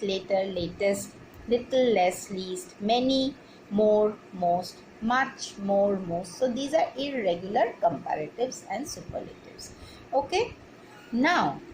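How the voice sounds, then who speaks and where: A woman's voice: a little high, slight background noise, rough recording. A woman teacher giving a class lesson, explaining rules methodically and spelling words out letter by letter. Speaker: English teacher. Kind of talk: recorded online class lesson.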